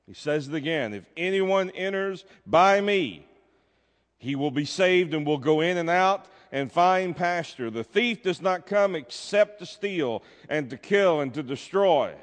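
A man's voice: a little high, lively intonation, unhurried. A man preaching a sermon as pastor, emphatic, drawing out his key words. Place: church sanctuary. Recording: long reverb of a church hall.

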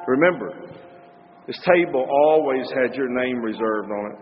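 A man's voice: medium pitch, lively intonation, moderate pace, in a large hall, muffled recording, music in the background. A man preaching a dramatic story sermon in a heartfelt, emphatic way, repeating phrases for effect.

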